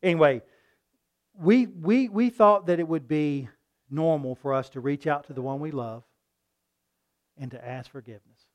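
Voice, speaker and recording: Male preacher, sermon, slightly high voice, folksy, animated, acts out voices. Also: normal speed, long pauses. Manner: animated, acts out mocking crowds in loud voices; folksy, asks the listeners "right?".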